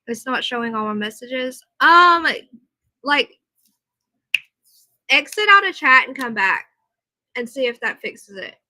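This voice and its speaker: A woman's voice: sits high, expressive, unhurried, long pauses, sharp tone, dry recording, rough recording. A tired woman hosting a casual livestream, reading aloud and answering her viewers' comments. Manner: chatty, reads aloud and answers chat comments. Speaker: livestream host. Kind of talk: casual live chat with viewers. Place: at home.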